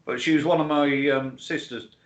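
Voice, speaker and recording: A man's voice: on the high side, fairly even intonation, moderate pace. An older man co-hosting a casual livestream chat, rambling and plainspoken, with frequent swearing. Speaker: co-host.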